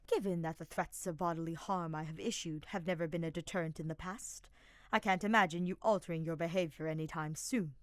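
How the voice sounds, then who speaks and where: A woman voicing a dour, formal young male mage who speaks in a low-key, stiff way in a read-aloud story. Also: steady tone, brisk, no room sound, clean studio sound, natural voice.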